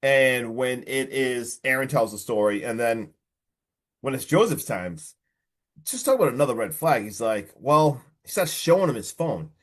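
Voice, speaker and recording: A man hosting a podcast tells a horror film back in loose, animated storytelling. His pitch sits mid-range, and he packs in plenty of likes and you-knows as he goes. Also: moderate pace. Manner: animated storytelling, heavy filler words. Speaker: podcast host. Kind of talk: casual movie recap.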